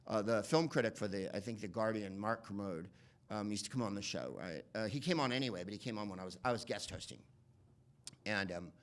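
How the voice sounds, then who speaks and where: A man doing stand-up comedy, rambling and profane, slipping into quick voice impressions. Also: on the low side, a bit bright. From United States. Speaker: comedian and podcast host.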